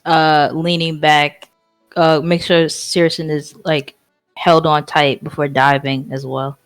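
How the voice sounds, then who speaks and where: A woman's voice: sits low, flat delivery, takes it slowly, clear, resonant tone, faint music behind. A woman playing a tabletop game, bantering and laughing. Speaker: player. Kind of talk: casual tabletop play.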